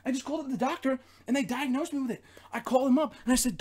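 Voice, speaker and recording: A young man ranting in an excited instant reaction as a wrestling vlogger, frantic and profane, shouting in disbelief. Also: very high voice, racing, husky.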